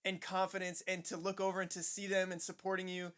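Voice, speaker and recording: A man's voice: high-pitched, monotone, fast talker, a bit bright, smooth. A man hosting a casual interview, thanking his guest in a friendly, appreciative way. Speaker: host. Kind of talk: casual chat. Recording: music playing behind.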